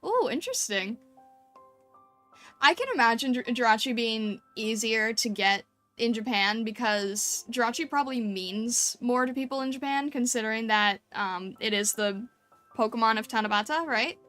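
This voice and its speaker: A woman's voice: on the high side, moderate pace, a bit bright, soft background music. A woman streamer chatting casually and gushing over fan art, full of fillers and little laughs. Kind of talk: casual live-stream chat.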